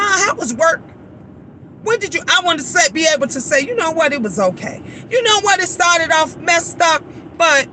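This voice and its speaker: A woman in her fifties talks straight to her phone camera after her shift, blunt and animated, acting out the people she quotes. Her voice sits high and bright. A faint hum of a vehicle runs underneath. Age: 50s. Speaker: vlogger. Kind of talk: casual chat.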